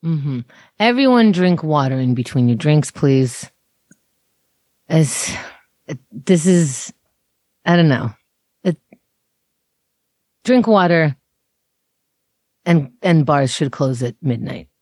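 A woman's voice: low-pitched, expressive, takes it slowly, pauses often, a little mellow, dry recording. A woman co-hosting a podcast in casual chat, easygoing and offhand. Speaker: podcast co-host.

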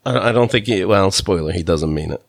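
A man hosting a podcast, telling a story in an animated, profane rant and laughing between bursts. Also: sits low, fairly quick, gravelly, no echo, studio quality. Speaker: podcast host. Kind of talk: casual ranting storytelling.

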